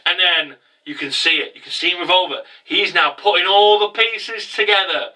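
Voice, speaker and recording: High-pitched guy excitedly recapping an anime ep, super bright voice, a bit far from the mic. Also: normal speed. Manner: animated, swears freely, acts out characters. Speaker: anime reviewer. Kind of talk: casual episode recap.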